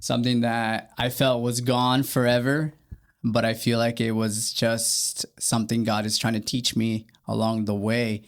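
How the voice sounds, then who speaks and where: A young man co-hosting a faith podcast, talking earnestly and haltingly with many fillers. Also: mid-range voice, level tone. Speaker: podcast co-host. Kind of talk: candid faith podcast chat.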